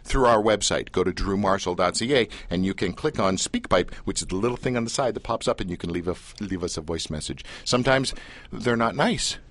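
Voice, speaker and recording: A man's voice: on the low side, fairly quick, fairly bright tone. A man hosting a comedic radio show, playful and joking with his co-host.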